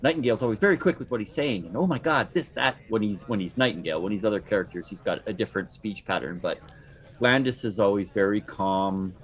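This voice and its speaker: Male tabletop player on a podcast, quick, eager delivery. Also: lowish voice, lively intonation. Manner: fast-talking, eager. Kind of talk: casual discussion.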